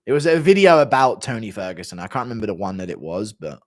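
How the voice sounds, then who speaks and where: A man's voice: fairly low pitch, big pitch swings, quick pace, no room sound, studio quality. Blunt man mocking a clip on stream. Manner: blunt, mocking, swears casually. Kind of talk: casual live-stream commentary.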